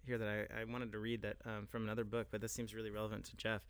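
A man's voice: lowish voice, completely flat delivery, fast talker, a bit bright, smooth, dry recording. A man in a casual podcast discussion, speaking in a scholarly way and leaning on fillers like "I mean" and "like".

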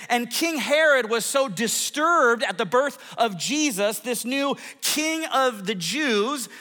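Pastor, forties, high voice, playful storytelling sermon in a big hall. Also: male voice. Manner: lively, self-mocking storytelling with audience polls. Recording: long hall reverb.

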